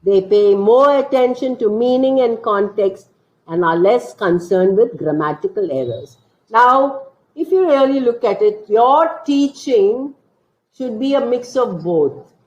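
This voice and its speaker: A woman teacher trainer, explaining classroom activities in a slow, deliberate way during an online training session. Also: fairly high pitch, lively intonation, a little mellow. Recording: roomy, dull lo-fi online session audio.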